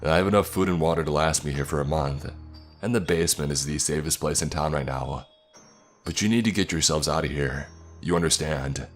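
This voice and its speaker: A man voicing a gruff, protective middle-aged father who speaks in a stern, commanding drawl. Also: very deep voice, fairly quick, faint music behind.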